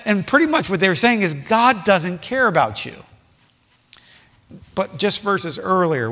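A man preaching a sermon with passion, repeating his points and swinging between soft and loud. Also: high voice, in a large hall.

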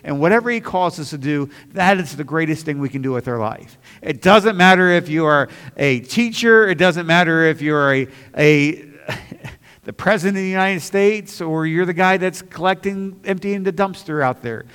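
A man with a fairly high voice preaching in a church hall, where a long echo trails each phrase. His delivery is earnest and often builds to emphatic stretches, and a slight stammer shows in small restarts. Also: lively intonation, normal speed, fairly bright tone, clear, resonant tone. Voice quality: slight stammer on some words. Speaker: pastor. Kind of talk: sermon.

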